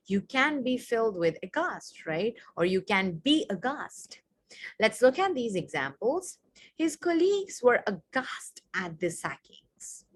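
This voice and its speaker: A woman's voice: medium pitch, fairly bright tone. Chatty woman teaching vocabulary. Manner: chatty, explains with examples and frequent "right?". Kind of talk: casual online vocabulary lesson.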